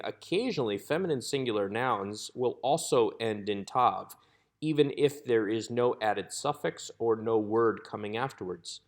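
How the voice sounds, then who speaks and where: A man giving a recorded lecture on Hebrew grammar over slides, explaining methodically step by step. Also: on the low side. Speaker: Hebrew instructor.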